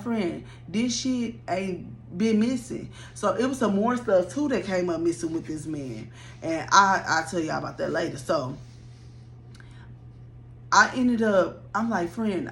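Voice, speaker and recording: Young woman, blunt and animated, talks straight to her viewers, swears freely; light background hum. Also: medium pitch. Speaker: storyteller. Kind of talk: casual story time.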